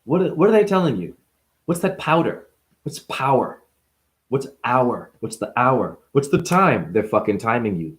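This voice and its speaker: A man rambling through a spiritual vlog monologue, punning in rapid free association, swearing and laughing as he preaches. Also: on the low side. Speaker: spiritual vlogger.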